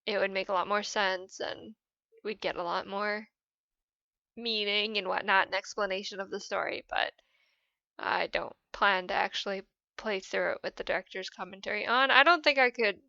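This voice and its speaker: Bright-voiced woman in an emotional game reflection. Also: mid-range voice, fairly even intonation, normal speed, creaky, no room sound, highs cut off. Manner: hesitant, rambling, many "I don't know"s; soft and emotional. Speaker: gaming channel host. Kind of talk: casual post-game reflection.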